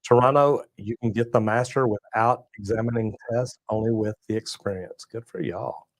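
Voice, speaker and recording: A man's voice: lowish voice, normal speed, no echo, poor audio. Folksy man hosting a livestream. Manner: folksy, drawling, says y'all and man. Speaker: plumbing channel host reading live chat. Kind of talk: casual livestream chat.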